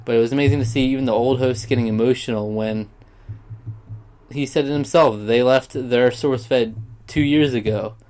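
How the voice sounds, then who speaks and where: Young male vlogger, mid-pitch voice, casual and meandering, talks earnestly and loses his thread. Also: fairly even intonation, normal speed, darkish tone. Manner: rambling, sidetracked, heartfelt. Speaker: YouTuber. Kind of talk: casual vlog monologue.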